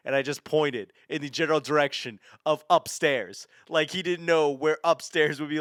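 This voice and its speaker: A man in his thirties with a smooth, resonant voice tells a story in loose comic style. He swears freely and breaks off mid-sentence to restart it. The sound is close and dry, with no room around it. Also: a little high, a little fast, fairly bright tone, no echo. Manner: rambling, profane, self-interrupting. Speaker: stand-up comedian hosting his podcast. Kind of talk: casual comedic storytelling.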